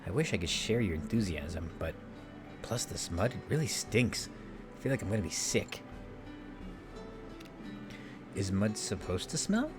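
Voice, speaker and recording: A man's voice: lowish voice, big pitch swings, moderate pace, over music. A man voicing an easily flustered young woman who whines defensively as he reads game dialogue. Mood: disgusted. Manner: whiny, defensive.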